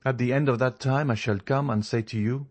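A man voicing a calm, faintly mocking young male journalist in an audiobook, speaking in a composed, measured way. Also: medium pitch, pitched above the performer's own voice, close to an everyday voice. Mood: deliberate. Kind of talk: audiobook character reading.

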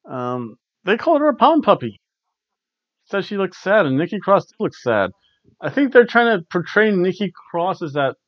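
A man's voice: on the high side, no echo, highs cut off. A man hosting a casual wrestling review, rambling offhand with ums and restarts. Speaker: wrestling reviewer, show host. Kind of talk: casual spoken show recap. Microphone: camera recording at home.

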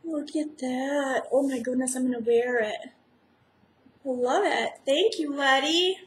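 A woman's voice: high-pitched, unhurried, reverberant, a little hiss or hum, poor audio. A woman vlogger chatting casually and gushing as she unboxes a package.

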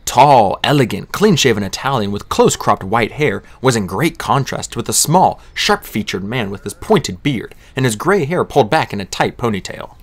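A man reading a fantasy novel aloud as an audiobook narrator, with an expressive delivery. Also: medium pitch, normal speed, few pauses.

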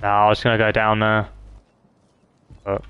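A man's voice: on the low side, monotone, moderate pace, clean tone, no echo, phone-quality sound. A man giving profane, trash-talking commentary while streaming a game live.

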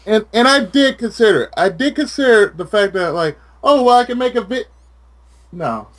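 A man's voice: extremely high pitch, moderate pace. A man chatting casually with a friend, ranting with lots of swearing. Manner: profane, ranting, animated. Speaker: channel host.

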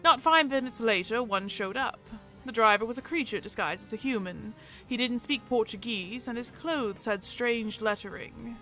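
A woman voicing a proud, scheming male peacock who tells a story in a haughty, slightly raised and louder voice. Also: a little high, normal speed, hardly any pauses, faint music behind. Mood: storytelling.

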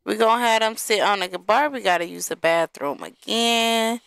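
Young woman, game commentary host, sassy and chatty, smooth clear voice, dry close sound. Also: medium pitch, normal speed, fairly bright tone, no room sound. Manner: chatty, sassy, talks to viewers as y'all. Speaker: gaming video host.

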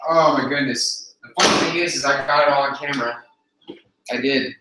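A man hosts a casual livestream for viewers in a medium-pitched, steady voice at normal speed. Suffering from a burned hand, he groans, sighs and swears between remarks, and the echoey room carries faint noise.

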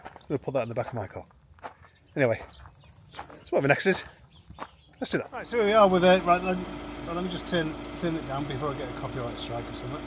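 A man's voice: a little high, lively intonation, fast talker, long pauses, a little hiss or hum. A man, talking to camera in a casual, rambling family vlog and poking fun at himself. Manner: rambling and self-mocking, with frequent restarts and chuckles. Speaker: expat family vlogger. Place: in and around a home in rural France.

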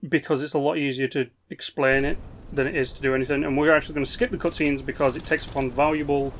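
A man giving casual commentary as he plays a strategy game, explaining its mechanics with quick asides and restarts. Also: mid-range voice, little pitch movement, slight background noise. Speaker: gaming video host.

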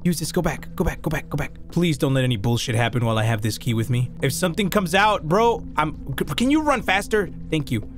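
A young man from Mexico with a Mexican accent, commentating a horror game, coaching himself in hushed tones, then yelping and swearing, switching into Spanish. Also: a little high, lively intonation, brisk, few pauses, soft background music. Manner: jumpy, swings from hushed self-coaching to loud yelps, profane, switches into Spanish. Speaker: gaming YouTuber. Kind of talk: let's play commentary.

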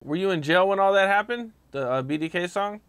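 A man's voice: high-pitched, fairly quick, fairly bright tone, clean tone. A man hosting an interview, asking short plain questions and reacting briefly.

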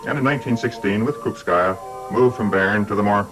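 Older male presenter, low voice, measured scripted narration, dry wit, faint music bed. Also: poor audio. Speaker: documentary presenter.

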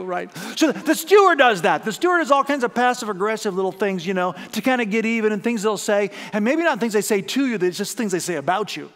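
A male pastor giving a sermon, lively storytelling with questions to the congregation. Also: high-pitched, fairly quick, in a large hall. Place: church auditorium.

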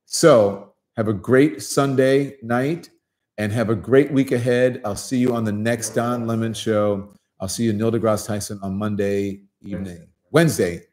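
A man's voice: lowish voice, steady tone, a little slow, a little mellow. A man hosting a casual live show, chatting in a loose, rambling way and answering viewer comments. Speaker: host. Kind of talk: casual livestream chat.

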